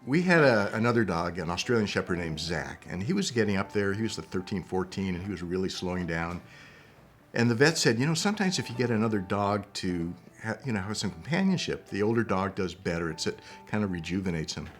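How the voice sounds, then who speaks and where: Man, dog adopter, lively storyteller, lowish voice, faint music behind. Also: fairly quick. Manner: lively, acts out quoted voices. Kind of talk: animated storytelling.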